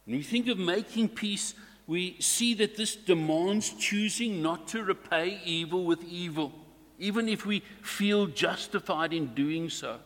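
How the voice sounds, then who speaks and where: A man preaching a sermon to his congregation in a slow, deliberate way, stressing key words. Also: high voice, fairly bright tone, big-room sound.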